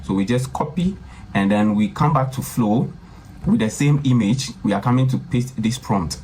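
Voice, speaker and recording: A man's voice: medium pitch, animated, normal speed, warm tone, slight background noise. Casual man walking through a tutorial. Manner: casual, repetitive, keeps addressing viewers as guys. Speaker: tutorial host. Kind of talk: screen-recorded software tutorial.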